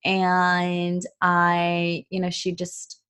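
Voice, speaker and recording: A woman's voice: fairly low pitch, monotone, extremely slow, fairly bright tone, clear, resonant tone. A young adult woman hosting a solo podcast in a casual, earnest monologue, with lots of "um" and "like". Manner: chatty, earnest, many fillers like "um" and "like". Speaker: podcast host and personal trainer.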